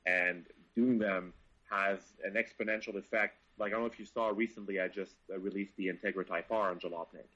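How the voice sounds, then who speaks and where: A man's voice: sits low, steady tone, brisk, sharp tone, muffled recording. A man who writes about cars, chatting casually and swearing eagerly in a podcast conversation. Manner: enthusiastic, swears freely. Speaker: car journalist guest.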